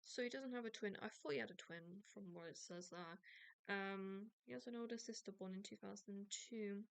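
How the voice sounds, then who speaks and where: A woman's voice: mid-range voice, moderate pace, vocal fry, smooth, dry recording. Young English woman, rambling casual chat, close dry sound. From England. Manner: rambling, self-deprecating, many restarts. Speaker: podcast host.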